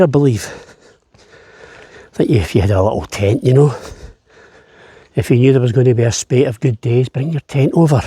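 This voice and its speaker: A man's voice: medium pitch, mellow, slightly rough, no room sound. A man, a travel vlogger, chatting as he walks an island path outdoors, slightly out of breath on the climb. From Scotland. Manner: chatty, easygoing, jokey. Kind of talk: walking travel vlog.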